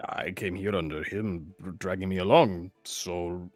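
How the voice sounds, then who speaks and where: A man's voice: low voice, measured pace, no echo, faint music behind. A man playing an awkward young adventurer in a tabletop game, speaking hesitantly with stumbles.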